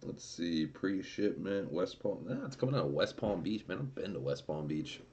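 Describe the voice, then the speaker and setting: Deep-voiced profane male streamer. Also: expressive, normal speed, a little mellow, muffled recording, a little hiss or hum. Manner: profane and laughing. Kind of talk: casual storytelling while streaming.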